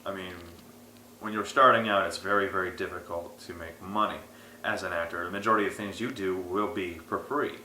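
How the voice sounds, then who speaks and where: Bright-voiced young man telling stories. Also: deep voice, a little fast, slight background noise. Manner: animated storyteller, acts out quotes. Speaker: aspiring actor being interviewed. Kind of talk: casual interview storytelling. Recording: roomy echo.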